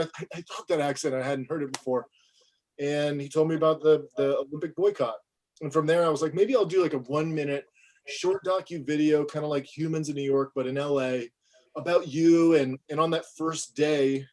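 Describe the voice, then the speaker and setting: Man, filmmaker guest, higher-pitched, animated raconteur, self-deprecating. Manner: animated, self-mocking, acts out dialogue. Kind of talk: storytelling in an interview.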